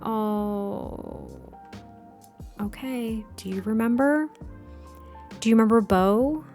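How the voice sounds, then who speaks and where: A woman's voice: a little high, measured pace, darkish tone, soft background music. Chatty woman narrating a life-sim game. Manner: chatty, giggly, narrates characters' thoughts. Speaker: let's play host. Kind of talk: casual gameplay commentary.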